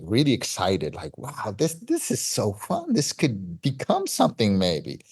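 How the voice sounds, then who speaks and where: A man, telling a story as an interview guest with excited, stop-start energy. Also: medium pitch. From Cyprus. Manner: animated, excitable, with frequent restarts and laughs.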